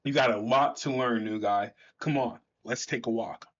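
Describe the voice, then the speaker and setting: A man voicing a gruff, blunt veteran winged hero who talks down to a newcomer, on a slightly dull recording. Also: mid-range voice, moderate pace, natural voice. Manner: curt, lecturing.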